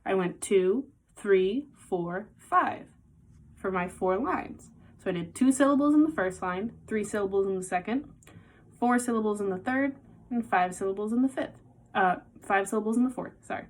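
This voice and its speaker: A woman's voice: medium pitch, normal speed. A woman giving a casual songwriting lesson, patiently explaining and counting beats aloud, with guitar playing behind her. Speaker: music teacher.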